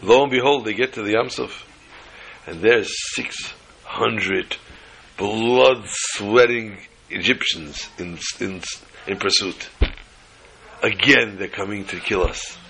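A man giving a sermon as a rabbi, telling it as a lively story and mixing in Hebrew and Yiddish terms. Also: on the low side, slow, slight background noise, low-quality recording. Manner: animated storyteller who acts out joke characters.

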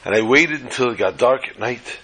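Husky man telling a dramatic tale. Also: mid-range voice, brisk, low-quality recording. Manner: animated, dramatic retelling. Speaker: religious storyteller. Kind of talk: storytelling sermon.

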